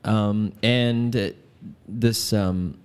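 A man with a low voice co-hosts a relaxed podcast conversation. He reads points from his notes and tosses in playful jokes. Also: drawn-out words, smooth. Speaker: podcast co-host. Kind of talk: casual chat.

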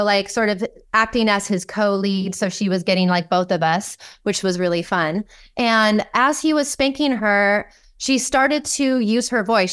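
A woman guest on a podcast, telling a story in a lively, enthusiastic way and acting out the voices in it. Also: medium pitch, clean tone. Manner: enthusiastic, acts out quoted dialogue. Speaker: podcast guest, kink coach. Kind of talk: conversational storytelling.

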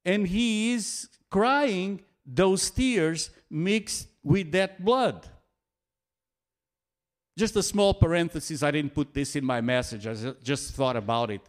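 Slow, earnest male preacher. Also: a little high. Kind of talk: sermon.

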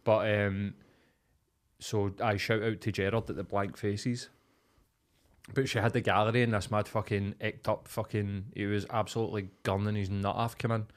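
A man with a Glaswegian accent, co-hosting a podcast and telling a sweary, animated story in casual chat. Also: on the low side, moderate pace. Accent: Scottish, Glaswegian. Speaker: podcast co-host.

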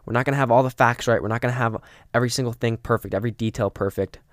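A man's voice: medium pitch, fairly even intonation, very fast, no echo, clean studio sound. A young man co-hosting a podcast, closing the episode with a sincere, humble appeal to listeners. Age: young adult. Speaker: podcast co-host. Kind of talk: casual podcast outro.

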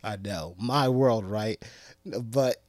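A man hosting a comedy podcast, joking and acting out little scenes in a playful, animated way. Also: lowish voice, extremely slow, no room sound. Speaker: podcast host.

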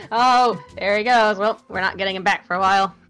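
A woman's voice: mid-range voice, animated, moderate pace, fairly bright tone, soft background music, rough recording. A woman who giggles and playfully protests while playing a tabletop game on a live stream. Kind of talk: casual chat on a live stream. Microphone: headset.

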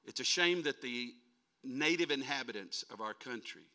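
Man in his 60s from north dakota preaching a sermon, bright punchy voice, folksy, keeps getting the church to answer back. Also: medium pitch, normal speed. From North Dakota, USA. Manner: folksy, animated, calls on the crowd to respond. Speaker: traveling preacher. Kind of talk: sermon to a congregation.

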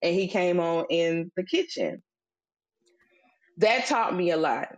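A middle-aged woman co-hosting a faith podcast, telling a family story in a relaxed, chatty way and building into emphatic, preachy points. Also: fairly low pitch, slow, highs cut off. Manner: conversational, acts out quoted voices, turns preachy and emphatic. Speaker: podcast co-host. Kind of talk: casual faith-based storytelling chat.

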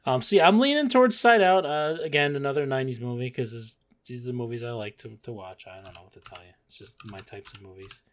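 A man co-hosting a casual movie podcast, animated and laughing, swearing casually. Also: medium pitch, fast talker, few pauses. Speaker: podcast co-host.

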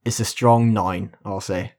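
A man chatting casually on a gaming podcast, his voice sitting fairly low. He talks with enthusiasm and rambles as he explains things. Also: steady tone, measured pace, a little mellow. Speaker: podcast co-host.

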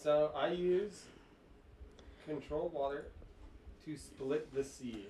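A man's voice: on the high side, dark tone, slight background noise. A man playing a tabletop game, laying out his character's actions step by step. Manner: deliberate, describes actions step by step. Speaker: player. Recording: roomy, distant from mic.

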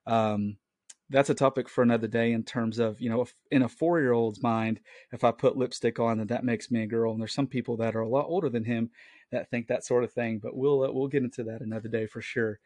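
Speaking fairly quickly with fairly even intonation, a late-20s man runs a casual solo Christian podcast from his home mic, earnest and prone to rambling. His mid-range voice is a little mellow, there's no echo, and family members are in the adjoining room.

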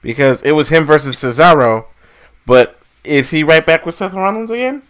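A man's voice: a little high, lively intonation, moderate pace, a bit bright, clean tone. A man co-hosting a casual wrestling podcast, blunt and swearing, who slips into mocking impressions. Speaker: podcast co-host.

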